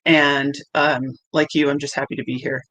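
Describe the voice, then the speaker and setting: Soft-spoken speaker on a video call. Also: medium pitch, level tone, moderate pace, no echo, low-quality recording. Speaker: guest speaker. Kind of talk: casual conversation.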